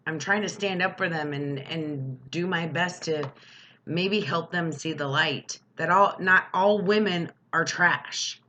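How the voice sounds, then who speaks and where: A middle-aged woman vlogger in an angry, defiant personal rant, talking fast. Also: lowish voice, bright, forceful tone, a little hiss or hum. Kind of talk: emotional personal rant to camera.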